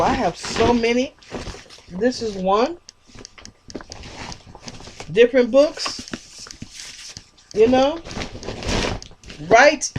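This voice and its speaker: A woman's voice: a little high, noisy background. Rambling, chatty woman vlogger. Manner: rambling and chatty, addresses viewers as y'all. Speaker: spiritual vlogger. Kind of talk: casual spiritual monologue.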